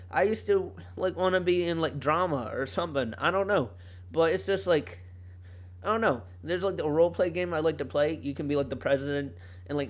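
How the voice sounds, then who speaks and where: A young man hosting a solo podcast, talking casually in a rambling way, often cutting himself off and laughing. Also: a little high. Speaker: podcast host. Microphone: home podcast mic.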